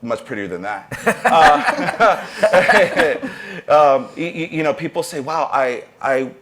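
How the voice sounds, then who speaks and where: A man's voice: medium pitch, animated, a little slow, a crowd in the background. A man speaking on a panel as a university professor of arts entrepreneurship, earnest and motivational, with brief restarts. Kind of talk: panel discussion talk.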